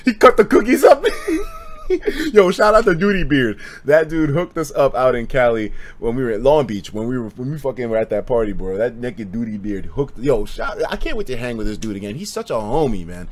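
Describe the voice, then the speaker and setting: A man livestreaming and casually telling stories, profane and animated, often breaking into laughter. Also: medium pitch, fairly quick, hardly any pauses.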